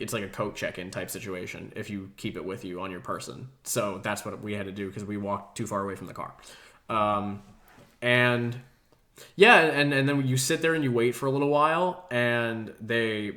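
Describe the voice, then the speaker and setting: A young man co-hosting a casual podcast. He talks at a middling pitch and wanders through a long anecdote. He curses offhandedly and slips into other people's voices when he quotes them. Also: fairly bright tone. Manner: rambling storyteller, swears casually. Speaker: podcast co-host.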